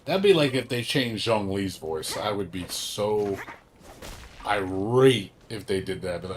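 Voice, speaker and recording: A young man ranting casually on a gaming livestream, with a fairly low voice. He rambles through fillers and restarts, stressing words and swearing freely. A faint hiss of noise sits under him. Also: expressive, a little slow. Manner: rambling, filler-heavy, cursing, emphatic. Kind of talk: casual gaming stream chat.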